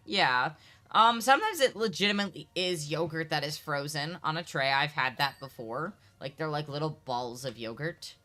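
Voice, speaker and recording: Bright-voiced woman streamer chatting bluntly. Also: low-pitched, animated, normal speed. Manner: blunt, joking, swears freely. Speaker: streamer host. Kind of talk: casual chat on a live stream.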